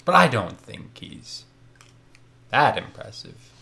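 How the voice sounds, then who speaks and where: A man voicing a proud male vampire lord in a tabletop game, speaking slowly and softly with disdain. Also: medium pitch, very animated, gravelly, slight background noise, exaggerated voice. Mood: disdainful.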